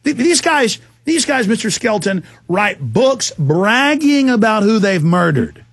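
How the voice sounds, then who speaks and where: A man's voice: high voice, big pitch swings, a little slow, fairly bright tone, no room sound. A man hosting a studio talk show, talking to a guest in an urgent, intense tone on a studio microphone.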